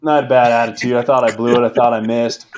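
A young man telling a hunting story in casual talk, animated and laughing as he goes. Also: mid-range voice, quick pace, background noise. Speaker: guest, game call maker.

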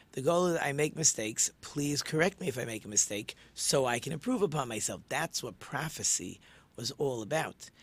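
A man's voice: medium pitch, husky. Earnest man, a rabbi hosting a show. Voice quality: casual, repeats and restarts words. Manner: earnest teaching tone. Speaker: rabbi and podcast host. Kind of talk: short religious talk show.

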